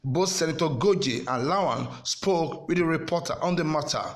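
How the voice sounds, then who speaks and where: A man delivering a scripted news report in a measured, formal way. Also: on the high side. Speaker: news correspondent.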